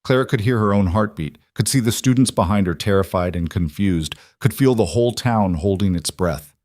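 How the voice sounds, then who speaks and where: A male narrator reading a dramatic scripted story in a measured way. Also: lowish voice, darkish tone, dry recording.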